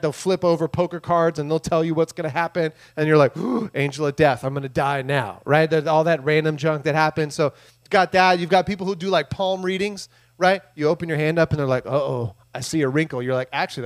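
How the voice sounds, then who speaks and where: A man preaching a casual, jokey sermon in a church room, acting out the people in the story. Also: fairly high pitch. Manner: jokey, animated, acts out quoted voices. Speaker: pastor.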